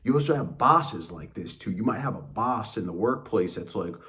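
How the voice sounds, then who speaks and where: A man with a fairly low voice gives a blunt, angry motivational rant. He sounds contemptuous and swears freely. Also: expressive, normal speed, pushed and bright. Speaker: motivational channel host.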